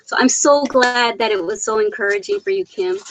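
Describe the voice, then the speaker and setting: A woman's voice: a little high, very animated, a little fast, fairly bright tone, a little hiss or hum, poor audio. A middle-aged woman hosting a casual live stream from home over a laptop mic, reading viewer comments, laughing often and sounding teary, close to crying. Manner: giggly, laughs often between sentences. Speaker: live Q&A host. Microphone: laptop microphone.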